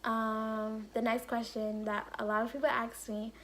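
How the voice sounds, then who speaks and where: A woman's voice: on the high side, a little slow. A young woman vlogger telling a casual story, acting out quotes and saying "like" often. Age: young adult. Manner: animated storytelling with acted-out quotes and lots of "like". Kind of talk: casual story-time chat.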